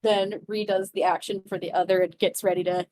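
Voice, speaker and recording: A woman's voice: mid-range voice, level tone, a little fast, darkish tone, slight background noise. Giggly young woman tabletop player. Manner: giggly, chatty, narrates her character's actions. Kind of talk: tabletop role-play, in and out of character.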